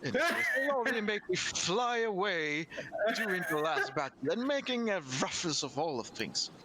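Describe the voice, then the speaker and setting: Man doing a haughty English-accented magic orb, high-pitched and sneering. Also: sing-song, normal speed, bright, forceful tone, slight background noise, full character voice, rough recording. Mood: condescending. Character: arrogant male flying professor orb.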